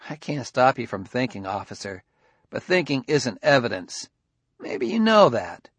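A man voicing a defiant middle-aged male suspect who turns shrill and shouts when cornered. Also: very animated, moderate pace, no room sound. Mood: sneering.

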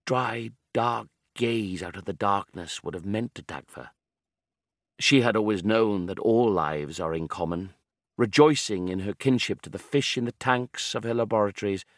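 A man reading an audiobook in a measured, calm, descriptive manner. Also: lowish voice, no echo, clean studio sound. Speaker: narrator. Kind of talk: scripted audiobook narration.

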